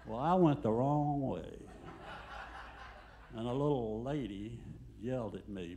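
An older man doing a stand-up comedy set in a comedy club, telling deadpan jokes and acting out the quotes. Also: medium pitch, slow, creaky, pauses often.

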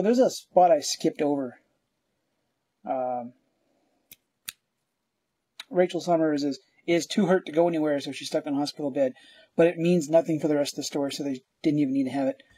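A man's voice: on the high side, warm tone, slightly rough, no echo. A man from Canada with a Canadian accent, ranting sarcastically and rambling through a comic book review as podcast host.

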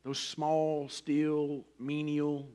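A middle-aged man preaching a sermon in a folksy, personal way, swinging from loud emphasis to a hushed near-whisper. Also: fairly high pitch, monotone, extremely slow, smooth. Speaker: pastor.

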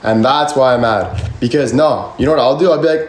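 A young man chats casually on a livestream and responds to comments, rambling with constant "like" fillers and plenty of swearing. His voice is mid-range, fairly quick, and a little mellow, in an echoey room with faint ambience.

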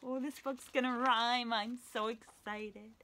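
A woman reading a picture book aloud to young children in a playful, animated way, talking to the listener as she goes. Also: a little high, measured pace, slight background noise.

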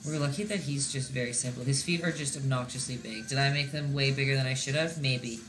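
A woman's voice: a bass voice, brisk, faint music behind. A woman leading a casual live-stream painting lesson, chatty and encouraging, often checking in with her viewers as she goes. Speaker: painting instructor.

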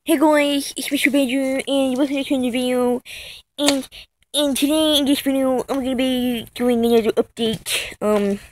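A young woman records a chaotic comedic vlog, rambling and restarting her sentences. Her voice sits high, and she slips easily into silly bursts of excitement. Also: moderate pace, a little hiss or hum, rough recording. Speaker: vlogger.

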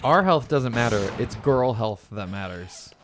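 A man with a Texas accent chats his way through a video game stream, trading jokes and muttered complaints. His pitch sits in an everyday middle range. A faint background hiss and keyboard clicks run under his voice. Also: measured pace. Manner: joking, excitable, swears when frustrated. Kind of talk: casual gameplay commentary.

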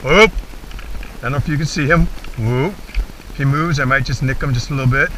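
Out in a field, a man demonstrates dog training, explaining things to the camera between commands to his dog. His medium-pitched voice is fairly quick, pushed and bright, in a distant outdoor recording with faint background noise.

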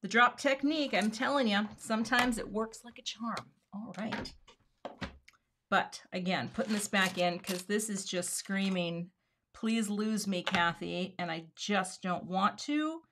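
A woman's voice: mid-range voice, animated, measured pace, noisy background. A woman hosting a casual live craft demo, talking herself through each step and murmuring asides under her breath. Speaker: card-making host.

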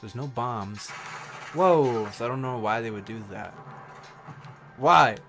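A man streaming a shooter game, commenting casually with loud, swearing, trash-talking outbursts. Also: medium pitch, unhurried, music in the background. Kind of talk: gameplay commentary.

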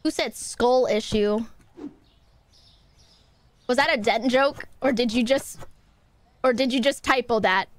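A woman's voice: on the high side, takes it slowly, pauses often. A woman streamer chatting casually while gaming, playfully dramatic and indignant, talking to her chat and her cat.

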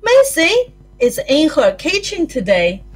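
A woman with a New Zealand accent leading a circle-time lesson for young children, with a sing-song, animated way of talking. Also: high voice, takes it slowly. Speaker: early childhood teacher.

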